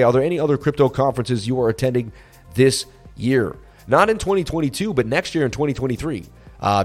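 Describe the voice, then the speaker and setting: A man hosting a crypto livestream, chatting casually and reading viewer messages in a relaxed, rambling way with lots of fillers. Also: medium pitch. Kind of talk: casual livestream chat reading super chats. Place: on vacation in Florida.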